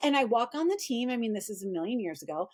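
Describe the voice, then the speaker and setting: A middle-aged woman with a fairly high voice tells stories as a guest in a casual interview. She is animated and acts out what other people said in a higher, bouncing voice. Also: fast talker. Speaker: guest, performance coach.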